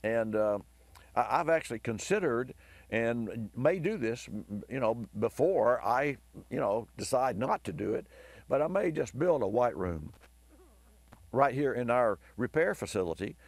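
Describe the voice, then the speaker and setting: Hoarse male talk-radio host, rambling enthusiastic storyteller, mid-pitched, dry close mic. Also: lively intonation, unhurried, dry recording. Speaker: host of a car advice radio show.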